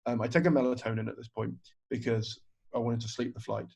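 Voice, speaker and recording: A man's voice: mid-range voice, level tone, fast talker, vocal fry, a little mellow, husky. A man, a stand-up comedian telling a story on a podcast, swearing freely and acting out other people's lines. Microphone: video call. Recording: dull, lo-fi video call audio.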